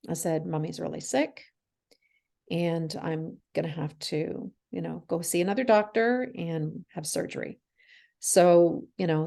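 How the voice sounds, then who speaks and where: A woman's voice: low voice, creaky, mellow. A woman in her forties, a guest in an interview, telling a candid personal story and acting out the dialogue, laughing through hard memories. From Canada.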